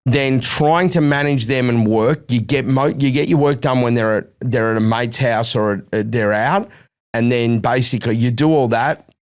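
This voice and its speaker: A man's voice: medium pitch, normal speed, clean tone. A middle-aged Australian man, a podcast co-host, telling a long story in casual chat and acting out the quotes. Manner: animated storytelling, acts out quotes.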